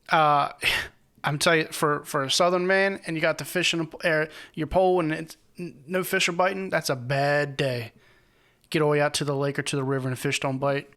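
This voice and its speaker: A man's voice: fairly high pitch, steady tone, moderate pace, pushed and bright. A man hosting a music reaction channel, talking casually and with feeling as he explains the chords of a song, often restarting his sentences. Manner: earnest and moved, speaks about the song with feeling.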